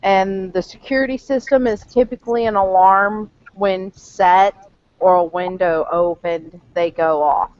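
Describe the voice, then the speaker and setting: Slow talking woman playing a tabletop rpg, explains stuff casually, muffled dry audio. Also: mid-range voice, fairly even intonation, darkish tone, no echo. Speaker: player. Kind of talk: tabletop role-playing game talk.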